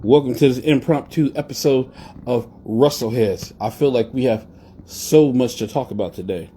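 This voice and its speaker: A man's voice: medium pitch, normal speed, warm tone, slightly rough. A man hosting a live wrestling talk show in a blunt, profane, rambling way. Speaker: podcast host. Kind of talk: casual live-stream rant.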